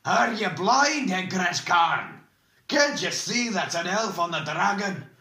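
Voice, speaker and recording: A man voicing a bold, blunt male dwarf warrior who speaks out forcefully and indignantly. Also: high voice, expressive, takes it slowly, roomy sound, voice pushed up, heavily acted.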